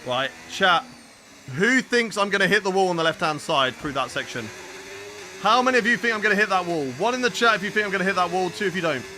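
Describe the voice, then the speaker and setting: A gaming streamer from southern England, this man has a high voice and a southern English accent, talking quickly over slight background noise. He streams a racing game with live commentary, energetically joking and chatting with viewers.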